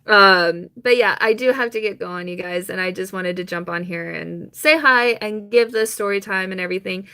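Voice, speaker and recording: A young woman chatting on a live stream, telling a rambling personal story with quick laughs and mock quotes. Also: medium pitch, pushed and bright, clean tone.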